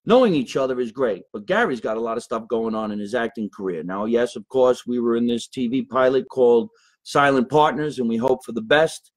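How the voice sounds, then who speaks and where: A man's voice: medium pitch, fairly quick. Joking male podcast host. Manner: joking, chatty. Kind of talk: casual chat. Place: basement in New Jersey.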